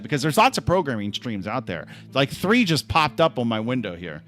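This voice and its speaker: Lively high-voiced man chatting on stream. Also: moderate pace, few pauses, slight background noise. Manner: chatty, swears, heavy filler words. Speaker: livestream host. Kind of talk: casual storytelling on a livestream.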